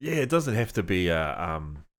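A New man with a lowish voice chats on a studio podcast. He rambles through plenty of fillers and restarts, laughs easily and swears offhandedly. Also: very animated, moderate pace. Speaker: podcast co-host. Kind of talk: casual chat.

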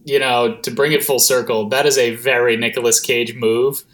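A man's voice: medium pitch, flat delivery, fairly bright tone. Laughing man in casual chat. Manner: laughs easily, quick reactions. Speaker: podcast co-host.

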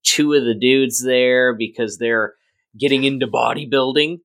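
A man's voice: medium pitch, steady tone, measured pace, fairly bright tone. A man hosting a podcast, giving wry, thoughtful commentary in casual chat.

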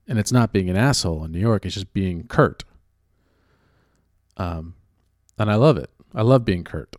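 A man's voice: lowish voice, moderate pace, pauses often, a little mellow, no room sound, studio quality. A man from California who works as an actor and writer talks in a casual chat. He is sarcastic and profane, and he rambles with many restarts.

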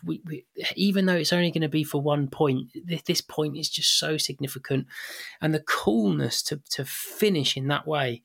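Man, gravelly voice, podcast host, relaxed wry chat. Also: medium pitch. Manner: relaxed, wry, hesitant with fillers.

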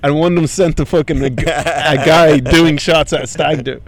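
A man's voice: a little high, steady tone, normal speed, vocal fry. A young man telling a comic story on a podcast, swearing freely and acting out the voices of other people. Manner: swears a lot, acts out voices. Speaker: podcast co-host.

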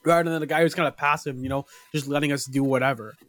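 High-voiced man in animated sports chat. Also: fast talker. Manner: animated, profane storytelling. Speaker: podcast co-host.

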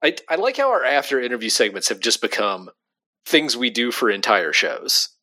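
A man co-hosting a podcast in casual chat, with a deadpan tone. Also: mid-range voice, moderate pace. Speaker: podcast co-host. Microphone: remote call.

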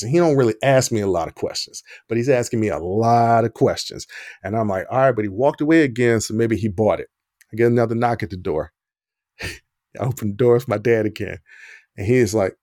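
Guy on a podcast spinning a story, middle pitch, dry close mic. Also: brisk, no room sound. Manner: animated storyteller, acts out quoted dialogue. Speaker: podcast host.

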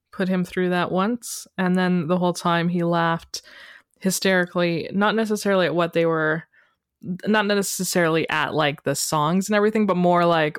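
A woman from western Canada co-hosting a podcast in loose, friendly chat. Her voice sits a little low, and she drops playful, jokey asides. The recording is dry and close. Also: dry recording. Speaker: podcast co-host. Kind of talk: casual chat.

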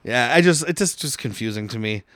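A man casually recapping a movie for a podcast, telling it with animated retellings of characters' lines. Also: mid-range voice, a little fast, no room sound. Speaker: podcast co-host.

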